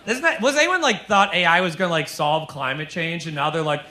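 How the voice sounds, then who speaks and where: A man's voice: on the high side, a little fast. Brash sarcastic stand-up comedian, man. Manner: brash, sarcastic, shouts punchlines. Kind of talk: stand-up set with crowd work. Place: comedy club stage with laughing audience. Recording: live club recording with audience laughter. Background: crowd laughter.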